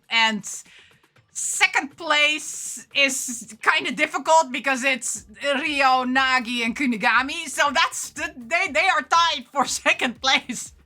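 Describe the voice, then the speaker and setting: Casting: excitable woman vlogger, high and bright, gushing chatter. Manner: excitable and gushing, gasps and laughs often. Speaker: vlogger unboxing anime figures. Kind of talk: casual chat.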